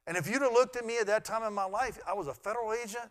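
A middle-aged man, a pastor, preaching a sermon in an earnest way that swings from loud to hushed. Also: high-pitched, rapid-fire.

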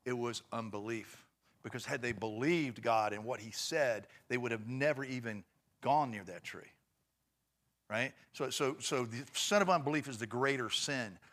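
A man hosting a faith talk show, commenting in an animated, excitable way. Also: normal speed. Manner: excitable, mimics preachers in high voices.

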